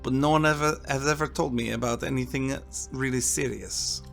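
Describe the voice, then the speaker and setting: A man voicing a calm priest with a French accent, speaking warmly and slowly in a soft, deep voice. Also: gravelly, faint music behind. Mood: musing. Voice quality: warm and deep, soft-spoken. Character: priest, calm middle-aged man, gentle talker.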